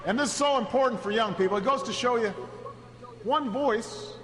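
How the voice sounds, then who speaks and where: In an echoey hall with a steady hum of background noise, a man with a high voice gives a political speech built around a story. He stumbles and restarts, repeating words, then climbs to a rousing, shouted finish.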